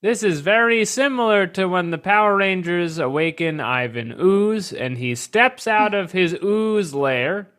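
A man on a comedy podcast who talks slowly and deliberately, his pitch rising and falling a lot. His voice is bright and forward as he jokes with his co-hosts. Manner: slow, deliberate joking delivery with lively pitch. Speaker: podcast co-host. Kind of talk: casual comedic chat.

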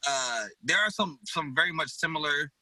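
A man co-hosting a casual chat, rambling with halting restarts. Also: on the high side, lively intonation, bright, forceful tone, dry recording, poor audio. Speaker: co-host.

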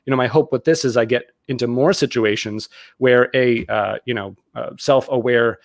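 A man's voice: mid-range voice, moderate pace, creaky, no room sound, clean studio sound. A man who is the author being interviewed, making emphatic points and repeating key lines for stress. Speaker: author and guest. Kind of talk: casual interview chat.

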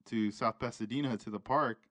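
A laid-back man hosts a casual chat in an easy, slangy way, with his voice at a middle pitch. The sound is dry and close, with no room around it. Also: a little fast, a bit bright, no room sound.

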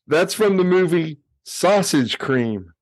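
A man's voice: a little high, animated, slow, no echo. A man hosting a casual podcast, running a quiz game in a laid-back, joking way.

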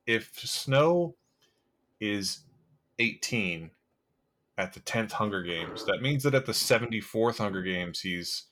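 Low-voiced man rambling about movies. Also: expressive, slow, fairly bright tone, slight background noise. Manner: rambling, filler-heavy, amused. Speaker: podcast co-host. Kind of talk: casual movie review chat.

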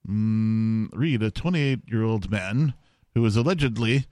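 A man's voice: on the low side, a little slow, dark tone, no echo. A man hosting a casual talk radio show, chatting with fillers and asides. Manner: conversational, drawls with fillers. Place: radio studio.

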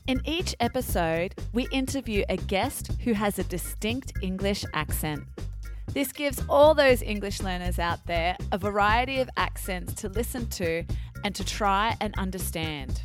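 A woman's voice: medium pitch, expressive, unhurried, over music. A woman with an Australian accent hosting a podcast for English learners, chatty and self-correcting as she carefully explains words. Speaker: podcast host.

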